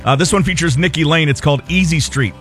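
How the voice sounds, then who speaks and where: A man's voice: fairly high pitch, fast talker, a bit bright. Morning radio guy in the studio, chatty and jokey, faint music underneath. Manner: chatty, joking asides between reports. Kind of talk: casual radio banter with traffic and weather reports. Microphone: studio broadcast mic.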